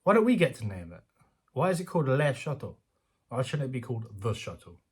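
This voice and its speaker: A British man with a husky, phlegmy voice, rambling and sarcastic as he reads an article aloud and rants about it, laughing often. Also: medium pitch, big pitch swings, fairly quick. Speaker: commentator reading news aloud. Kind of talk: casual rant reacting to an article.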